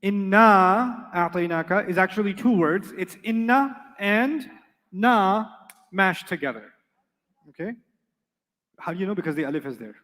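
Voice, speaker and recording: A man's voice: high-pitched, expressive, a little slow, a bit bright, long reverb tail. A man teaching Arabic grammar to a class, emphatic, repeating key points and quizzing his students.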